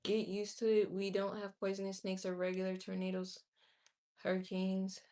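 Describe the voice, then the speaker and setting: A woman's voice: medium pitch, monotone, mellow. A woman chatting casually on a live stream and reacting candidly to viewer comments. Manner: chatty and candid, with quick laughs and exclamations. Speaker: livestreamer.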